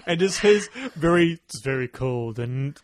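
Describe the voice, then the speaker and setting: A young man hosting a casual movie review chat, rambling and animated, quoting scenes in put-on voices. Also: a little high, a little slow, dry recording. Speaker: host.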